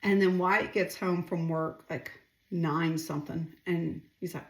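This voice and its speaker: A woman's voice: on the low side, steady tone, measured pace, echoey room. A middle-aged woman chatting casually while she cooks, rambling and asking viewers questions. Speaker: home cooking vlogger. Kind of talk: casual chatty cooking vlog. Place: home kitchen.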